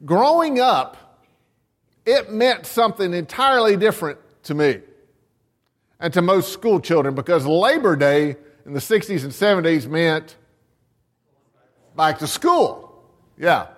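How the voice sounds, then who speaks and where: High-voiced preacher in an echoing hall. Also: male voice, lively intonation. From American. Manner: rhetorical questions, slow deliberate emphasis. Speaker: pastor. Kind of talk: sermon.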